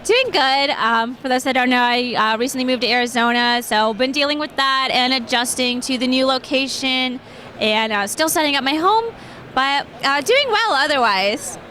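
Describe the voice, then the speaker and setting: Bright high-voiced chatty young woman. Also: normal speed, a little hiss or hum. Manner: chatty, laughs often, many fillers. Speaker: cosplayer guest. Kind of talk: casual interview answers. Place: convention.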